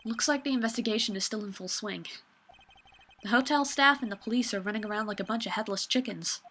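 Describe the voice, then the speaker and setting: A woman's voice: medium pitch, fast, bright, forceful tone, slight background noise. A woman hosting a let's play, reading game text aloud with playful, wry asides.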